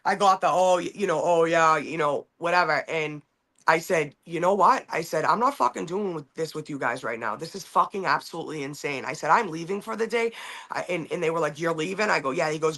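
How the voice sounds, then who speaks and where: A woman's voice: deep voice, lively intonation, fairly quick, a bit bright. A woman in her forties, a podcast host, telling a rambling, profane story in casual chat with many restarts.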